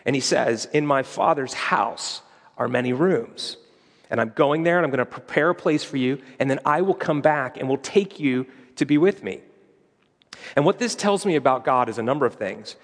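Brief: male pastor, mid-pitched, casual teaching sermon, long hall reverb. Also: normal speed. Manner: conversational teaching with quoted scripture.

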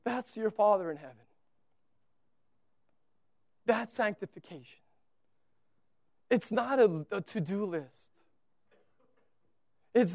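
A man preaching a sermon as a pastor in a church, telling a story with animated, repetitive emphasis. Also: sits high, a little slow, creaky, pauses often, dry recording, studio quality.

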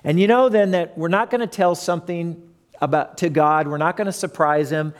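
A man's voice: a little high, a little fast. Preaching man in a reverberant hall. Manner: conversational, asks the audience questions. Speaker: pastor. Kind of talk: sermon.

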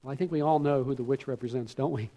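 A man's voice: medium pitch, fast talker, mellow. A man preaching a sermon, telling a story earnestly and often repeating words.

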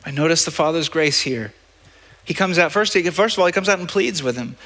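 A male pastor with a sharp, expressive voice on the high side preaches briskly in a conversational style, frequently stumbling over and repeating words. He's in a church sanctuary, and the recording carries a hall's long reverb.

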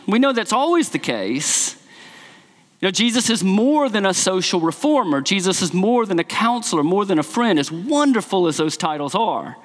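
A man's voice: sits high, fairly bright tone. A man preaching a sermon, emphatic and repeating key phrases for stress, in a church sanctuary. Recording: long reverb of a large hall.

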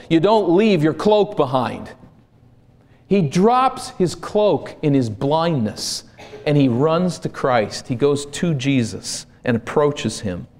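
A man from Minnesota preaching a sermon as pastor, slow and deliberate, building to loud emphasis. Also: on the high side.

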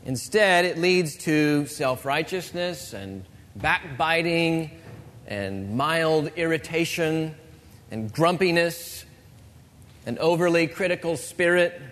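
A man preaching a sermon as pastor, earnest and measured, with pauses. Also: on the high side, animated, fairly bright tone. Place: church sanctuary. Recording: long church reverb.

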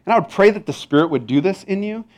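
A male pastor preaching in a relaxed, conversational way. His voice sits a little high and moves a lot, rising and falling as he acts out short exchanges. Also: fast. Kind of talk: sermon.

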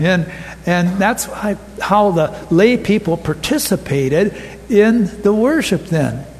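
Slow, high-voiced man preaching in a hall. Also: expressive. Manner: unhurried, with many pauses and restarts. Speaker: pastor. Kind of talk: sermon.

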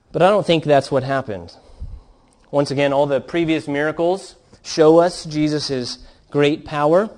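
A man preaching a sermon in an earnest, steady way, telling stories to his congregation. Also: mid-range voice. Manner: earnest preaching, reads quoted account with rising fervor. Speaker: pastor.

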